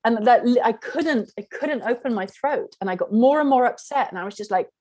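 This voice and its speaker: Teaching an online class, this middle-aged spiritual workshop teacher shares a personal story in a frank, meandering way, saying "like" constantly. Her voice is a little high, warm and a little fast, with lively intonation; the recording is dry.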